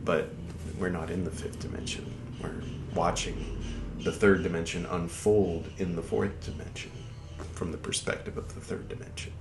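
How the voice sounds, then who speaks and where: Reading an old text on his podcast, this man keeps veering into rambling, irreverent commentary, cursing and putting on mock-dramatic voices for the quoted lines. He has a low, creaky voice with fairly even intonation at a moderate pace. Faint background noise fills an echoey room.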